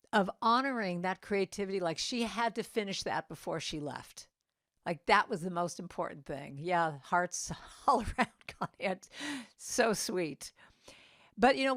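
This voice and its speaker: Woman, musician and singer-songwriter, telling personal stories to a church congregation. Conversational delivery, slips into the voices of people she quotes. Mid-pitched voice, dry close sound. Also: no room sound. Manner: conversational, acts out quoted dialogue. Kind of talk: personal storytelling talk. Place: church service.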